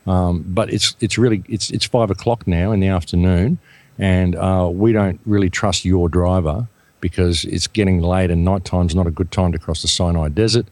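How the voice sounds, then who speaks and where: A man's voice: low voice, moderate pace, dry recording. An Australian man telling a story as a radio guest, acting out what people said. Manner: animated storyteller acting out quotes.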